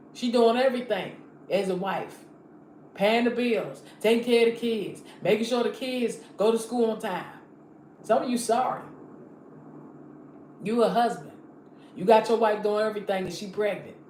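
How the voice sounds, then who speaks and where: A woman's voice: mid-range voice, darkish tone. Woman live-stream preacher, fervent and repetitive, roomy echo, faint hiss. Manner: fervent, repetitive, direct address to viewers. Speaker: online preacher. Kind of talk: live-streamed motivational sermon. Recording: echoey room, faint background noise.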